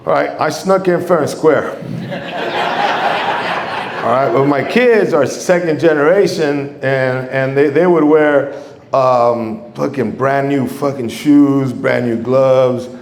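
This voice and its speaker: A man's voice: medium pitch, slow pace, slight background noise. A middle-aged man, telling stand-up stories on a comedy club stage. He rambles, swears a lot and acts out quoted voices. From Mexico. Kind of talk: stand-up storytelling. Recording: echoey club room.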